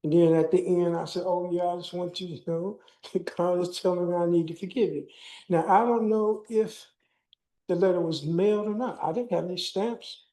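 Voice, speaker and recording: Older male speaker, warm dark tone, testimony-style storytelling with dialogue. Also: sits high, steady tone, normal speed, rough recording. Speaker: keynote speaker. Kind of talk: personal testimony speech.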